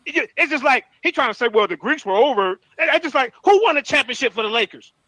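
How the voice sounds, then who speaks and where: A man with a very high, bright voice argues in an online debate, combative and quick. He often slips into reading from his notes, and his audio sounds dry and close. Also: expressive, no echo, low-quality recording. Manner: rapid, combative, reads from notes.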